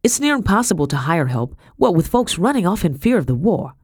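A woman's voice: lowish voice, sing-song, a little fast, a little mellow, breathy edge, dry recording, studio quality, pitched above the performer's own voice. A woman voicing a plain-spoken, practical cook in an audiobook. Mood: matter-of-fact. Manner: plain-spoken, matter-of-fact. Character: blunt hardworking household cook woman. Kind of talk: audiobook character voice.

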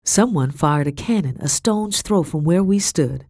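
Woman audiobook narrator, first-person historical fiction; steady, expressive, dry booth sound. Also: sits low, a little slow, no echo.

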